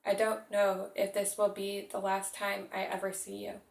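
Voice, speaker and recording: A woman reading the lines of a troubled young man on the run, in her own soft, earnest voice. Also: medium pitch, monotone, moderate pace, gravelly, reverberant, close to an everyday voice. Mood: pleading.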